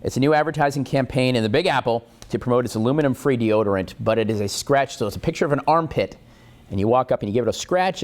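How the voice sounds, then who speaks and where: A man's voice: mid-range voice, fast, a little mellow. A middle-aged man hosting a morning show, riffing casually and jokily, rambling and slipping into silly voices. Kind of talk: casual comedic monologue.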